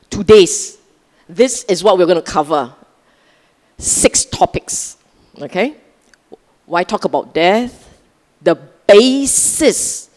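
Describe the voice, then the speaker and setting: A woman's voice: medium pitch, a little mellow, in a large hall. A woman with a Singaporean English accent gives a Sunday dharma talk to a live audience in a chatty, teasing way, often checking in with her listeners. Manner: conversational, teasing, asks the audience questions. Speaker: Buddhist dharma speaker. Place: large hall with a live audience.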